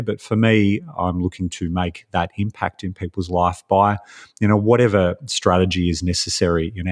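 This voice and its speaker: An Australian man with a very low, deep voice talks as a guest on an interview podcast. He speaks in a friendly, loose way, with plenty of fillers as he explains his coaching work. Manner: friendly, rambling with many fillers. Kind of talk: casual interview talk.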